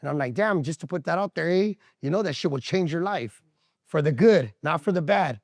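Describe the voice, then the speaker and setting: A man's voice: fairly high pitch, fairly quick, dry recording, clean studio sound. A man talking candidly in a casual interview, rambling and profane, with streetwise slang and frequent laughter. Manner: animated, laughs often.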